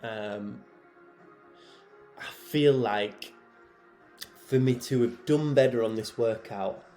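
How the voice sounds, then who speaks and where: Over his own exercise footage, a man who is a head programmer and athlete chats easily, dropping many fillers. He has a medium pitch and a slow pace, with faint music behind him.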